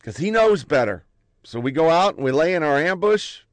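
A man telling army stories in a blunt, profane, animated way. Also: fairly high pitch, normal speed, dry recording. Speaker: army veteran recounting stories. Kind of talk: profane casual storytelling.

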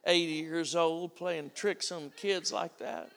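A man's voice: a little high, fairly even intonation, slow, vocal fry, a bit bright. An older man preaching a sermon, telling a family story and acting out the voices of the people in it.

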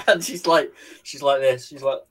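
A man co-hosting a comedy podcast, spinning a silly story with frequent laughs and quick bursts of character voices. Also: mid-range voice, husky. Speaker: podcast co-host.

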